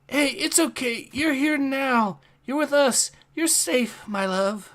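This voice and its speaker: A man voicing a tender comic-book character who gently soothes a loved one. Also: extremely high pitch, slow, voice pushed up, exaggerated voice.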